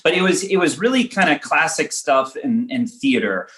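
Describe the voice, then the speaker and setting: A man from Los Angeles, a writer-director answering interview questions, thinking aloud and telling self-deprecating stories in halting restarts. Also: on the high side, lively intonation, fairly bright tone. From Los Angeles, United States.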